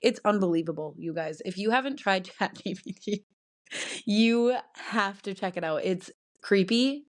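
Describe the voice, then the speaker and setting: A woman's voice: mid-range voice, moderate pace. A young woman talks on her own podcast in a loose, rambling way, jumping from one thought to the next and laughing now and then. Her voice sits in an ordinary middle range for a woman. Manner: rambling, chatty, laughs often. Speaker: podcast host. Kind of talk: casual solo podcast chat.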